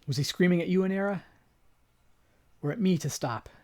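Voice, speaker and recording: A man hosting a gaming channel, reading story text from the game aloud in a dramatic, expressive way. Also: high voice, brisk.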